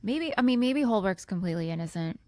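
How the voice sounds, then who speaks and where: A woman in a chatty recap podcast, with a mid-range voice that jumps up when she gets excited. She is animated and exclamatory and often breaks off mid-thought. The sound is dry and close. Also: medium pitch, fast talker, no echo. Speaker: podcast co-host. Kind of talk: casual recap chat.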